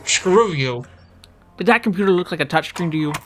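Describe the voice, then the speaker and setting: A man's voice: high voice, expressive, brisk. A man with a slightly raised voice talks through a game playthrough at his computer desk, and he keeps ranting in frustration and muttering to himself. Faint music plays under his voice. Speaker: gaming channel host. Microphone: desk microphone.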